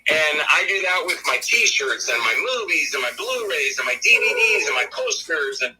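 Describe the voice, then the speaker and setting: A middle-aged man, a filmmaker and actor, talking as an interview guest in a rambling, animated way. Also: on the high side, moderate pace, slight background noise, rough recording. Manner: rambling, acts out quoted voices. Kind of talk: animated casual interview talk.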